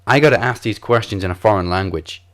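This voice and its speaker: A man with a very low voice runs a quiz on a casual podcast chat. He talks in a relaxed, playful way and laughs off his own clumsy tries at foreign words. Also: quick pace, slight background noise. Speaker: podcast co-host running a quiz game.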